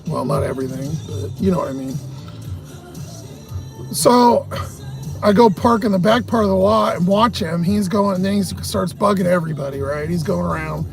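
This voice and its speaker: A man hosting a livestream tells a long, agitated story packed with swearing, in a casual storytelling rant. His voice is high with vocal fry, at a moderate pace, and music plays in the background.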